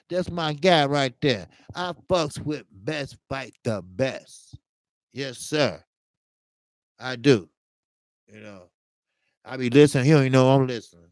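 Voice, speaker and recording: A man's voice: mid-range voice, dry recording, clean studio sound. A man hosting a casual boxing talk livestream, telling a funny story with slang, laughing often and tagging lines with "man". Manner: drawn-out, repeats "man". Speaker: host of a boxing talk stream.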